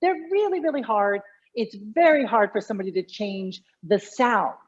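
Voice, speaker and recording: A woman's voice: mid-range voice, animated, normal speed, dull audio. A middle-aged woman, a communication coach, explaining her work animatedly in an interview, often restarting her sentences. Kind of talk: conversational interview.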